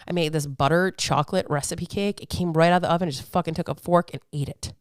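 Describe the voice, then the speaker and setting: On the low side and steady, a woman in her thirties talks fast through an unfiltered podcast rant. She's a fitness coach and podcast host: blunt, profane, fired-up and preachy, with a clean, dry, close sound and no echo.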